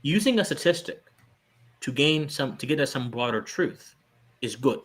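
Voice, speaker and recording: A man's voice: mid-range voice, expressive, moderate pace, fairly bright tone. A man co-hosting a podcast, giving lecturing philosophical commentary with searching restarts and sudden emphatic jumps. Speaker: podcast co-host.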